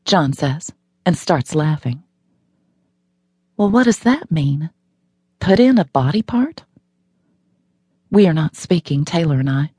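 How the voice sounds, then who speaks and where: A woman's voice: deep voice, lively intonation, slow pace, long pauses, warm tone, slightly rough, dry recording. A woman narrating a novel in the first person, wry and matter-of-fact, recorded in a studio. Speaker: audiobook narrator.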